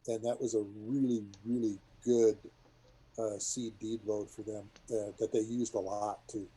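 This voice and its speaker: A middle-aged man, a retired military pilot, telling rambling war stories to a group in a casual, animated way. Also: on the low side, unhurried, slightly rough, poor audio. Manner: rambling, animated, many restarts and asides.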